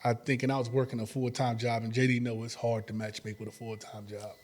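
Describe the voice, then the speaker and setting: A former fighter telling stories in a casual interview, acting out quotes and laughing often. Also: male voice, mid-range voice, quick pace. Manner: animated storyteller, acts out quotes, laughs often.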